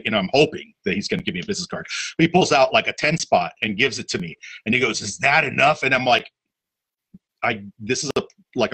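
Male podcast host, bright, husky tone, halting with lots of "uh"s. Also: medium pitch, rough recording. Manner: halting, many "uh"s, lively storytelling. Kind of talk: casual chat.

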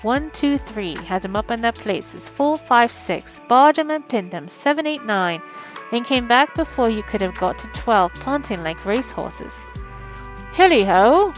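A woman reading a classic novel aloud on a stream, with lively, expressive storytelling. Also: on the high side, rough recording. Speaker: audiobook streamer.

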